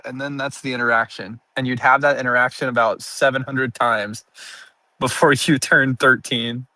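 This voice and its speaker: Young male streamer, casual rambling chat, bright forceful tone, close dry mic. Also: medium pitch, steady tone, normal speed, dry recording. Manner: rambling and self-amused, laughing often.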